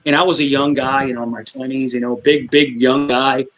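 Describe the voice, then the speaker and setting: A middle-aged man from Queens with a New York accent talks in a casual group chat on a stream. He jumps between rapid bursts and a slowed, calming tone, and uses a lot of fillers along the way. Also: medium pitch, low-quality recording. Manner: switches between fast-talking and slow, calm delivery; chatty, with many fillers. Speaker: stream panelist.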